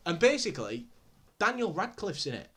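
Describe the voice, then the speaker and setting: A man's voice: a little high, sing-song, normal speed, a bit bright. A man co-hosting a podcast, reviewing a film in rambling casual chat full of fillers. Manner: rambling, filler-heavy, swears mildly. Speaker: podcast co-host.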